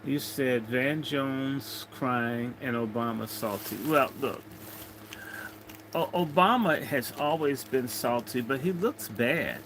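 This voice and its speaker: A man's voice: mid-range voice, slow, fairly bright tone, a little hiss or hum, low-quality recording. A man hosting a casual livestream, rambling and joking as he reads out viewer comments. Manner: rambling, jokey, chatting to viewers. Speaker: livestream host.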